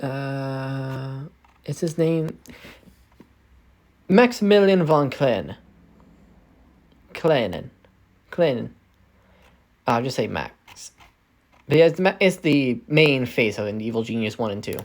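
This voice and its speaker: A man's voice: mid-range voice, lively intonation, takes it slowly, pauses often. A man narrating his own fan story casually, rambling and correcting himself often. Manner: rambling, self-correcting, many fillers. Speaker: fanfic storyteller.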